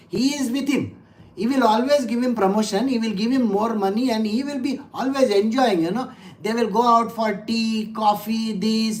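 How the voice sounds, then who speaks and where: Chatty Indian English woman teaching scripture. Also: on the high side. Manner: chatty and explanatory, with many "you know" and "okay?" tags. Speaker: spiritual teacher. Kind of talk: conversational scripture lesson.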